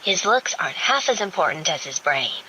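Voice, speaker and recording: A woman's voice: on the low side, sing-song, normal speed, slight background noise, rough recording. A woman voicing a brash, sardonic young redheaded woman who gripes sharply. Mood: exasperated. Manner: sharp, exasperated griping.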